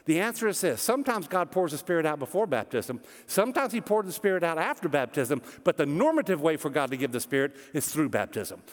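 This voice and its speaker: A man's voice: a little high, very animated, brisk, hardly any pauses. Earnest preaching man in a reverberant hall. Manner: earnest, emphatic preaching with rhetorical questions. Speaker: pastor. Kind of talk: sermon. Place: church sanctuary.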